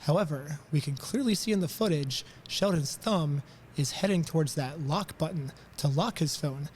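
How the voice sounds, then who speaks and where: Sick guy, voice nearly gone, talking low and quiet to camera, bit of hiss behind. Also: normal speed. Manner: low, quiet, near-whispered delivery. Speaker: video creator. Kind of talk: direct-to-camera commentary.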